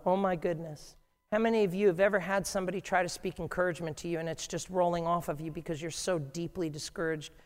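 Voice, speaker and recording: Animated preacher man in a reverberant hall. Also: high-pitched. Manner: animated preaching, acting out scripture voices, jokey asides. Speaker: pastor. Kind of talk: sermon.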